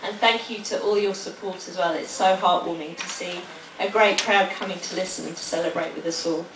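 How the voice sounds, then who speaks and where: A woman hosts a library event and reads a poem aloud. She talks quickly and warmly, then slows into a measured recitation. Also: fairly low pitch, fairly even intonation, far from the mic, background noise. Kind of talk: live public poetry reading and thanks. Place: library hall at a lunchtime public event. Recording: echoey hall, voice from afar.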